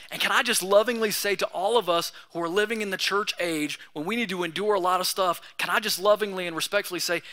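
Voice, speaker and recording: A young male pastor delivering a sermon in a relaxed, chatty manner. His voice sits high and sounds very bright and forward. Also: a little fast. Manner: casual, conversational preaching with slang.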